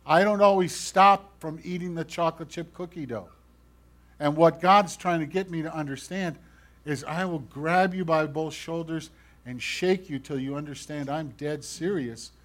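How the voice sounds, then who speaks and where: A man preaching a sermon, earnest and pleading, swinging from loud emphasis to hushed asides and asking his listeners direct questions. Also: on the high side, normal speed. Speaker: pastor.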